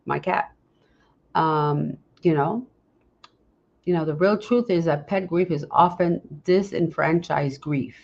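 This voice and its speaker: A woman's voice: lowish voice, dull audio. Rambling, earnest woman podcast host. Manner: rambling, often breaks off and restarts sentences; earnest, speaks straight to listeners with questions. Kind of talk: casual unscripted podcast talk.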